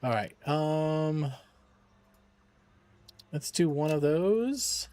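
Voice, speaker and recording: A man's voice: fairly high pitch, animated, very slow, mellow. A man streaming games for charity, chatting casually with viewers and his dog. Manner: chatty, talks to his dogs and chat. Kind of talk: casual live-stream chat.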